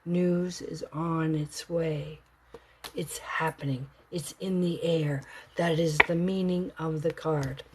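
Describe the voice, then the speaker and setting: A woman doing a live tarot card reading for someone, expressive and swinging between excited bursts and hushed whispers. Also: sits low, slow, noisy background. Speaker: tarot reader.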